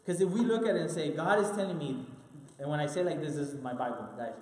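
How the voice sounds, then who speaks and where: A man's voice: a little high, fast, a little mellow. Man preaching in an echoey hall. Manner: earnest, repeats key lines for emphasis. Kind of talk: sermon-style Bible teaching. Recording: roomy with long hall reverb.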